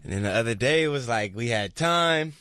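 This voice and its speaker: A man's voice: medium pitch, lively intonation, a little fast, pushed and bright, clear, resonant tone. A man as a radio show guest, talking in laid-back, rambling slang about his week. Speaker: guest singer. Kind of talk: casual chat.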